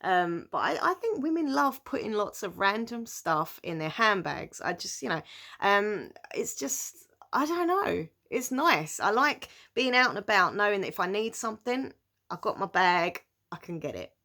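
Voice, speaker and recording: A woman's voice: medium pitch, big pitch swings, normal speed, sharp tone. A young British woman chatting casually to camera as she answers viewer questions, giggling often and speaking with many fillers. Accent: British English.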